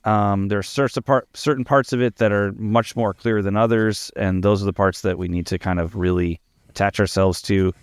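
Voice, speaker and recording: Deep gravelly man telling a story. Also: moderate pace, dry recording, studio quality. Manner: animated anecdotal storytelling. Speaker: podcast co-host. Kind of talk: casual discussion.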